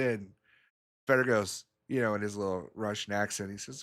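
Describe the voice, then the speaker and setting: A man's voice: fairly low pitch, steady tone, fairly quick, fairly bright tone. A man commentating a pool match in a casual way, rambling through stories and chuckling often.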